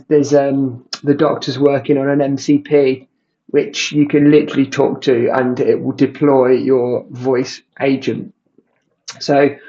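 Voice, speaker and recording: A man casually walking through a tech demo, halting with many ums and restarts. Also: medium pitch, darkish tone, dull audio. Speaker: tech creator. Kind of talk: casual screen-share walkthrough.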